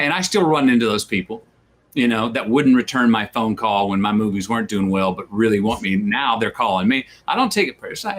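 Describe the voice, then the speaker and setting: A man's voice: fairly low pitch, brisk, a little hiss or hum. A man as an interview guest, talking casually and acting out quoted voices as he tells stories. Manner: animated storyteller who acts out quoted voices. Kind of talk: casual conversation.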